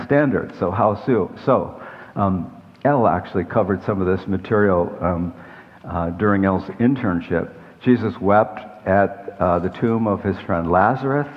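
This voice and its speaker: An older man delivers a sermon in a low voice, drifting into loose, self-deprecating asides as he talks. His voice rings with a long reverb off the walls of a church hall. The sound is dull and lo-fi. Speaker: pastor.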